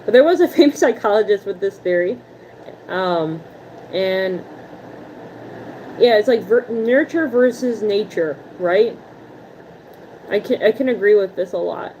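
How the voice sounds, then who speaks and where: A woman's voice: mid-range voice, animated, unhurried, long pauses, darkish tone, a little hiss or hum, low-quality recording. Chatty woman streamer reading chat. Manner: chatty, responds to messages aloud; playful, laughs often. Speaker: livestream host reading viewer chat. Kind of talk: casual chat.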